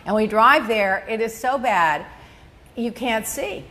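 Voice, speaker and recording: A middle-aged woman with a high, bright voice tells a story on her podcast. Her pitch leaps up and down as she acts out her own reactions, swinging from grumbling to exclaiming. It is easy, chatty storytelling. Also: slow. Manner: animated, exclamatory, quotes herself in big swings. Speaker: podcast host. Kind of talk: casual storytelling chat.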